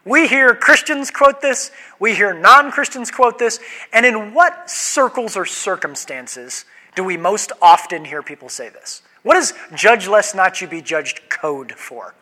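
A man's voice: sits high, sing-song, unhurried, bright, forceful tone, big-room sound. A man who is a pastor, preaching a sermon in a conversational, joking way and putting questions to his congregation.

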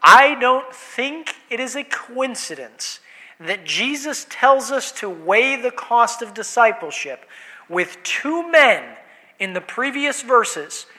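A man preaching a sermon, animated, swinging between loud emphasis and hushed asides. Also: very high-pitched, slow. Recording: long reverb of a hall.

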